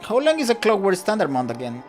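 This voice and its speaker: Lively man thinking aloud while gaming. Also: sits high, fast. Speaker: streamer. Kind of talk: casual gameplay commentary. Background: faint game music.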